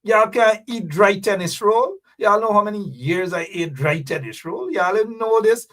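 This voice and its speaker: A man with a Guyanese accent hosts a political commentary show in a fiery, scolding rant. His voice sits high and he fires off rhetorical questions. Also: normal speed, few pauses, fairly bright tone, distant mic. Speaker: host.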